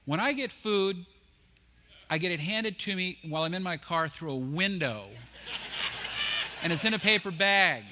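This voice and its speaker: A man speaking at a conference, telling animated anecdotes with jokes. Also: high-pitched, moderate pace, pauses often, very noisy. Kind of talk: storytelling talk. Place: conference stage.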